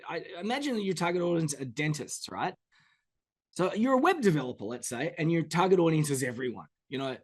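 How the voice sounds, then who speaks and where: This podcast host has a fairly high male voice with a breathy edge. He chats casually during an interview, animated, acting out quoted examples to drive his points home.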